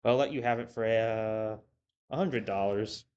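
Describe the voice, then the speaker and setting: A man's voice: lowish voice, moderate pace, darkish tone, highs cut off, close to an everyday voice. A man voicing a hesitant, flustered husband who stammers, in a storybook reading. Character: flustered middle-class husband, adult man.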